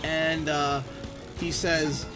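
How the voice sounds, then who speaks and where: A young Canadian man live-streaming, telling a rambling, animated anecdote full of restarts. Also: a little high, extremely slow. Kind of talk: casual live-stream storytelling. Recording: game music playing underneath. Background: game music.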